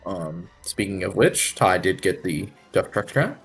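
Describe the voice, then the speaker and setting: A man's voice: deep voice, expressive, unhurried, husky, soft background music. A man giving casual live speedrun commentary, chatty and analytical, often trailing off mid-thought.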